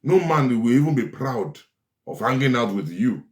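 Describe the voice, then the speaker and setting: A man giving forceful relationship advice, often repeating his lines for stress. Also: medium pitch, big pitch swings, moderate pace. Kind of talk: preachy advice talk. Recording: echoey room.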